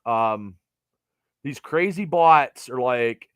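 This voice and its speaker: A man's voice: mid-range voice, drawn-out words, smooth, no echo. A middle-aged man from Pennsylvania hosting a podcast, chatting casually and rambling with lots of fillers. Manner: rambling, animated, trails off with fillers. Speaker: podcast host. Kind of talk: casual sports chat.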